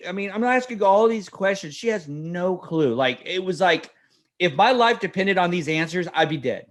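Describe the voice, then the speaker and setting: A man's voice: sits high, expressive, normal speed. A middle-aged man hosting a podcast, telling a family story in casual chat and acting out the dialogue. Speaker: podcast host.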